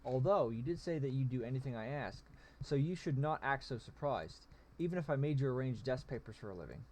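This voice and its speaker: A man's voice: medium pitch, lively intonation, a little fast, darkish tone, a little hiss or hum, lightly acted. Figure: sly goblin general, voiced by a man. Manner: smug, teasing, pompous. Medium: read-aloud fantasy game. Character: sly mocking male goblin general, scheming.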